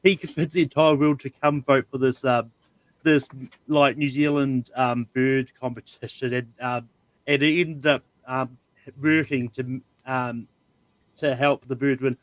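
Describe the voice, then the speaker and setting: A man chatting on a panel, halting and full of ums and likes. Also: medium pitch, fairly even intonation, no echo, low-quality recording. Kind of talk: casual chat.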